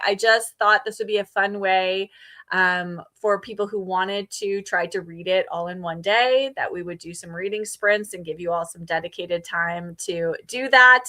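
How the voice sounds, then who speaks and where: A woman's voice: mid-range voice, sharp tone. A woman hosting a casual livestream readalong, chatting with viewers and sprinkling her talk with ums and little laughs. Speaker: book streamer hosting a readalong.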